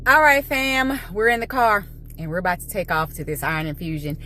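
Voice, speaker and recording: Woman vlogger, casual chat, anxious, rambling, lower voice, animated, talks with food in her mouth. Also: brisk, a little hiss or hum.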